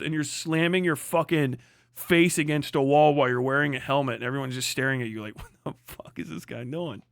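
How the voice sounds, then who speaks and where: A man's voice: medium pitch, dry recording, studio quality. A man hosting a livestream, ranting and mocking with constant swearing. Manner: swearing heavily, mocking, animated. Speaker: livestream host. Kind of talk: profane livestream rant.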